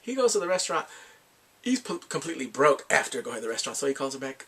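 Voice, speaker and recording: Lively gravelly-voiced man reviewing a movie. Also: quick pace. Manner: animated, acts out quotes in high voices; laughs often, rambling.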